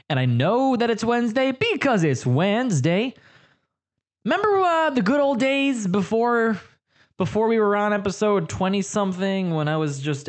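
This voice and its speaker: Young guy hosting a podcast, rambly and crude, voice jumps all over the place. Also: high-pitched. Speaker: podcast host. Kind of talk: casual comedic monologue.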